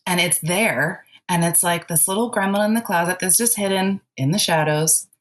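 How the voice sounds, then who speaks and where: A woman with a lowish voice speaks at a moderate pace as a podcast guest in a casual spiritual chat. She recounts a childhood story, laughing often and using lots of fillers.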